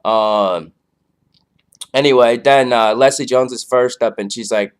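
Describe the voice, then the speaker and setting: A man's voice: medium pitch, fairly even intonation, measured pace, clear, resonant tone. A man casually reviewing a comedy show, rambling loosely with lots of fillers. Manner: loose, filler-heavy, laid-back.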